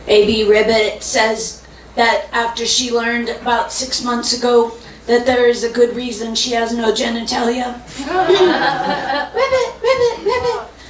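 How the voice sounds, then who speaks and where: A woman doing a live comedy puppet act, giving deadpan introductions on a comedy club stage. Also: fairly high pitch, measured pace. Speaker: puppeteer comic. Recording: echoey club, far mic, loud noise.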